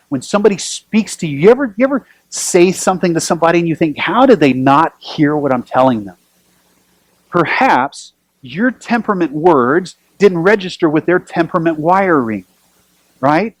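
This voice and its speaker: A man preaching a sermon as pastor, telling lively stories with self-deprecating humor. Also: fairly high pitch, dry recording, rough recording.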